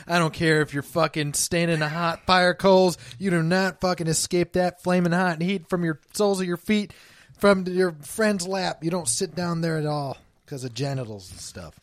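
A man's voice: a little high, normal speed, dry recording, studio quality. A man ranting in mock-preachy outrage during a casual podcast chat. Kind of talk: casual comedy podcast banter.

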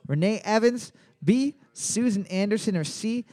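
A man hosting a casual trivia game, reading each question twice with loud joking calls. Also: sits high, animated, measured pace. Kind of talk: casual podcast banter.

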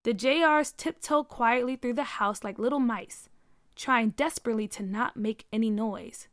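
A woman narrating a story aloud in an expressive way, giving each character a voice. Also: a little high, normal speed, dry recording, clean studio sound.

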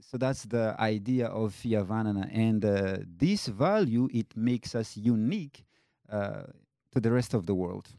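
A man's voice: fairly low pitch, lively intonation, mellow, no echo, clean studio sound. Malagasy man with a French-tinged accent. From Madagascar. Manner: halting, many fillers and restarts. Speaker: tour company founder. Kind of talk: casual interview conversation.

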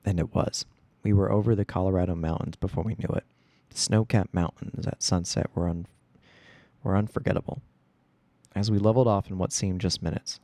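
A man with a very low, gravelly voice reads a first-person story aloud. His tone is dark and mellow, and his delivery is steady and plain, the way a storyteller keeps things moving. The sound is dry and close. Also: no room sound. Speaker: reader.

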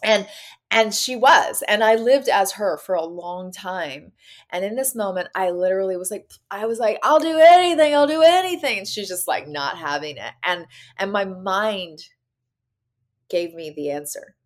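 A woman's voice: fairly low pitch, a little slow. A woman guest on a podcast telling a personal story vividly, acting out the voices she quotes. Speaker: podcast guest, actor and activist.

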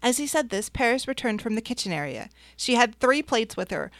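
A woman reading a first-person audiobook in a soft, reflective way. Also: on the high side, sing-song, brisk, no room sound. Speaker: narrator.

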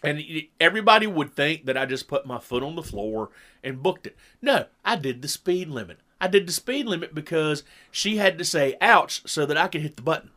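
A middle-aged man telling a long story in casual chat, animated and acting out what people said. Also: a little high, brisk. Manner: animated storyteller who acts out quotes. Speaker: podcast co-host.

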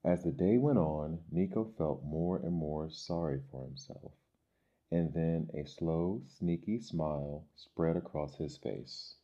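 Deep, slow male storyteller. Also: muffled recording. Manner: measured, expressive. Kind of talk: storybook reading.

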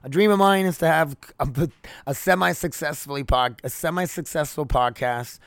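A man's voice: fairly high pitch, moderate pace, vocal fry, clear, resonant tone, dry recording, studio quality. A young man hosting his own podcast from home, rambling candidly with plenty of swearing. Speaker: podcast host. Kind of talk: casual solo podcast monologue. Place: home, near laundry room. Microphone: podcast microphone.

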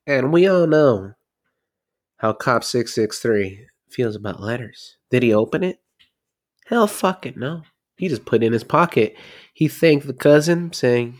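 A man's voice: medium pitch, expressive, a little slow. A man casually recapping a film plot, rambling and swearing freely as he goes.

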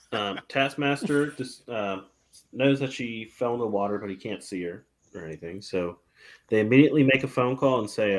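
A man hosts a casual chat show and walks through a film recap from his notes. His voice sits a little low, and he leans on sarcasm and blunt swearing. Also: normal speed. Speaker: podcast host.

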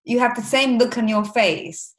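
Gentle, empathetic female interviewer; roomy echo on the voice. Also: fairly high pitch, normal speed. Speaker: podcast host. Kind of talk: casual interview.

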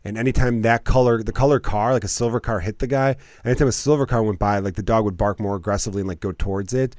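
A man's voice: lowish voice, fast talker, darkish tone, no room sound, clean studio sound. A man co-hosting a podcast in loose casual chat, swearing a lot and calling people dude and man. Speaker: podcast co-host.

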